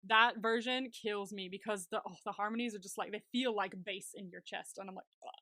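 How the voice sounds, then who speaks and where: A young woman recaps a TV episode as a podcast co-host, chatting casually and gushingly with heavy use of "like." Her sharp, mid-range voice is fairly quick and fairly even in intonation, and the studio-quality recording has no room sound.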